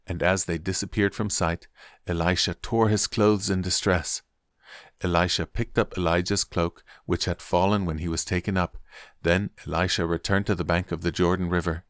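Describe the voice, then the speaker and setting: A man reading a Bible passage aloud as scripted narration, measured and deliberate. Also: low voice, steady tone, fairly bright tone, no room sound, studio quality. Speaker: Bible reader.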